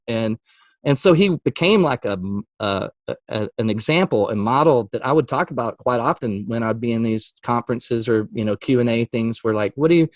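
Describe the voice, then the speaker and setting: A man who is a Christian music artist, telling a story in a casual interview. He acts out quotes with sudden jumps in pitch and laughs often. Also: lively intonation, moderate pace, no echo.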